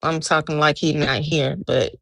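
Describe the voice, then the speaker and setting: A woman with a low, gravelly voice tells a dream to friends on a live video call, acting out each person's lines as she goes. Her voice is pitched low with plenty of fry. The sound is close and dry. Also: normal speed, no echo. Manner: animated storyteller, acting out quoted dialogue. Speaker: live stream guest telling a dream. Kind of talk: casual storytelling chat.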